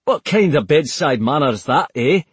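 A brash, wisecracking Scottish soldier, as a male narrator puts him on. His voice sits higher and louder than the narration and carries a husky edge. The recording is dry and close. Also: lively intonation, normal speed, dry recording. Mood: cocky. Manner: cheeky, brash banter.

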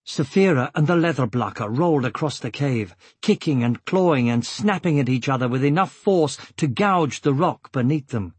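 Husky-voiced man narrating slowly. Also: mid-range voice, expressive, darkish tone, no echo. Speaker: audiobook narrator. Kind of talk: scripted narration.

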